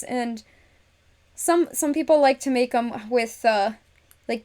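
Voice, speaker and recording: A woman's voice: fairly high pitch, a little mellow. A woman hosting a casual craft livestream, chatting to viewers and talking herself through each step with frequent laughs. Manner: speaks to viewers in chat. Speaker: livestream host.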